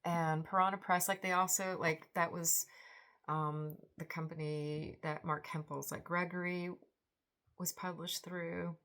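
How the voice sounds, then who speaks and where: A woman's voice: on the low side, flat delivery, measured pace, a bit bright. A woman in her forties hosting a book vlog, chatty and enthusiastic in a rambling, casual way. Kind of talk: casual book review chat.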